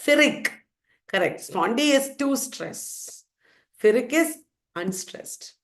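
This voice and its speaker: A woman's voice: on the high side, expressive, takes it slowly. A woman with an Indian English accent teaching literature, playfully quizzing her students and answering her own questions. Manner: playful, asks questions and answers them herself. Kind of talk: quizzing students in a revision lecture.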